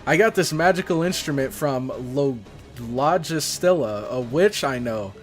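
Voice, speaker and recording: A man's voice: fairly high pitch, expressive, a little slow, soft background music. A man reading the lines of a cocky young male paladin in a boastful, upbeat way.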